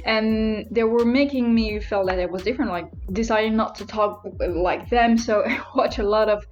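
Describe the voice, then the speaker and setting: A young woman with a fairly high voice hosts a podcast chat. She talks in a reflective, careful way and often corrects herself mid-phrase. Faint music sits in the background. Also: normal speed, a little mellow. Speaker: podcast host. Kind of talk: casual interview chat.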